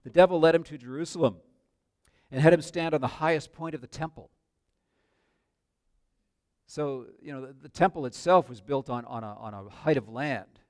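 An older man preaching a sermon as a pastor, earnest, with sudden swells and drops in loudness. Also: a little high, moderate pace, pauses often, dry recording, clean studio sound.

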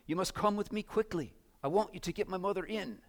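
A man's voice: high-pitched, very animated, fast, gravelly, a bit bright, pitched above the performer's own voice, heavily acted. A preacher doing an anxious little girl. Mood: urgent pleading. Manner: pleading, urgent.

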